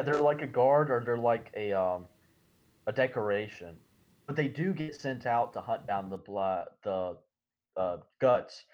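Rambling low-voiced man, dull lo-fi audio. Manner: rambling, halting, many fillers. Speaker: podcast co-host. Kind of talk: casual discussion.

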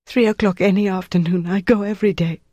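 A woman's voice: medium pitch, steady tone, fast, warm tone, no echo, pitched above the performer's own voice, lightly acted. A reader voicing an elderly woman prisoner who sobs and begs. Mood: sobbing, pleading. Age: older. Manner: pleading, tearful. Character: elderly woman prisoner, terrified, sobbing and begging.

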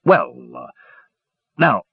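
A man voicing a blustering, gruff male dwarf warrior who talks pompously. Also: mid-range voice, very animated, moderate pace, no room sound. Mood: flustered. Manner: pompous, broken speech, then flustered. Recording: dull lo-fi recording.

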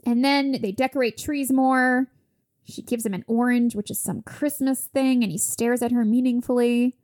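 A woman's voice: a little high, fairly even intonation, moderate pace, a little mellow. A woman in casual chat, animatedly retelling a movie's plot and acting out the characters' lines.

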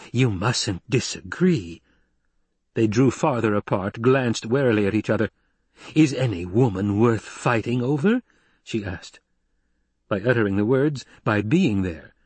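A man giving steady, measured audiobook narration, recorded close on a studio mic. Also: medium pitch, husky, no echo.

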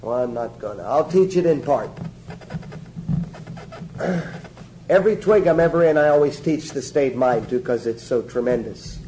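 A man's voice: medium pitch, expressive, normal speed, long pauses, mellow, a little hiss or hum, rough recording. A man giving a sermon-style teaching to a small group, emphatic and joking, repeating his instructions.

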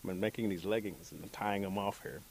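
A man's voice: on the low side, fairly even intonation, fairly quick, creaky, darkish tone, a little hiss or hum. A man voicing a generous village woman in a told folktale, easygoing and chatty.

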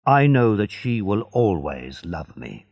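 A man's voice: fairly low pitch, very animated, a little slow, creaky, a little mellow, no echo, lo-fi sound, exaggerated voice. A man voicing an earnest, happy young sailor in a storybook reading, sincere and eager.

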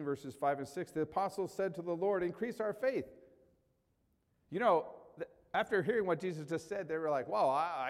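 A man's voice: sits high, darkish tone, big-room sound. A male pastor preaching a sermon in a conversational way, rising sharply for emphasis.

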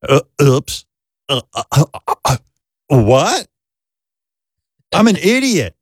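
A man's voice: on the high side, very animated, slow pace, slightly rough, no echo, clean studio sound. A man hosting a talk show, telling a profane, self-deprecating story in a casual way. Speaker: radio show host.

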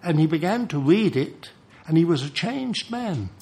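An older man preaching a sermon, telling stories in an animated way and chuckling between points. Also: a little high, moderate pace. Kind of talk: sermon with storytelling.

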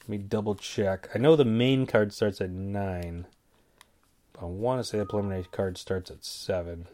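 A man's voice: on the low side, fairly even intonation, moderate pace, dark tone. A man with a stuffy nose hosting a casual solo show, rambling through picks with jokey asides and stumbling over names. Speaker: podcast host giving fight picks.

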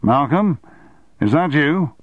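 A man voicing a powerful middle-aged male newspaper tycoon who speaks briskly and with authority. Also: on the high side, expressive, no echo, highs cut off, pitched above the performer's own voice.

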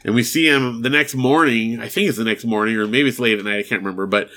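A man's voice: mid-range voice, fairly even intonation, fast talker, sharp tone. A man co-hosting a podcast, casually recapping an episode and acting out the characters' lines with laughs. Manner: recaps plot with acted-out quotes and laughs. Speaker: podcast co-host.

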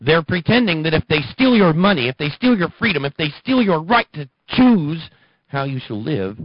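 Brief: male talk radio host, mid-pitched, mocking and heated, dry dull broadcast sound. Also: sing-song, moderate pace, no echo. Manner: sarcastic, ranting, mocking. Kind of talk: political talk radio monologue.

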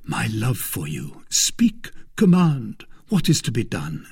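A man's voice: lowish voice, wildly swooping pitch, slow, a little mellow, slightly rough, exaggerated voice. A man playing a bold, passionate young suitor, declaiming his devotion with earnest energy. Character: bold, ardent young male suitor, gallant.

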